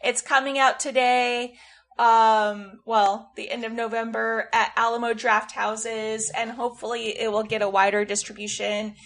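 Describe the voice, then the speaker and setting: A woman's voice: on the high side, flat delivery, unhurried, a bit bright. Gushing woman podcast co-host. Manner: gushing, with many likes. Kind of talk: casual chat.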